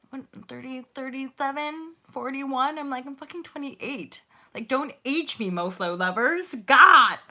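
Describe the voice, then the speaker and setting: Bright-voiced chatty woman in her forties. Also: mid-range voice. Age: 40s. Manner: chatty, playful slang, frequent laughter. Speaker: livestream host. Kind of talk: casual livestream chat.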